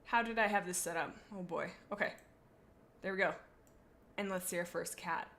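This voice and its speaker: A young woman streams in a casual livestream chat, rating her viewers' pet cats in a playful, dramatic way and rambling off into silly asides. Her voice sits fairly low, with a fairly bright tone and a moderate pace.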